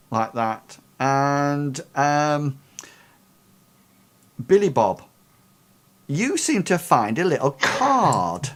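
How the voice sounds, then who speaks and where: Rambling male game master. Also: a little high. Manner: rambling, filler-heavy narration. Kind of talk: narrating a tabletop game.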